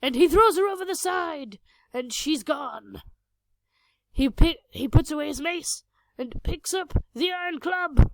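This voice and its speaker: A woman's voice: high voice, lively intonation, a little slow, vocal fry, dry recording. A young woman casually retelling a tabletop game session with rambling, self-mocking, crude humor, recorded on a cheap home microphone. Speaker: storyteller recounting a tabletop game. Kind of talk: casual narrated storytelling.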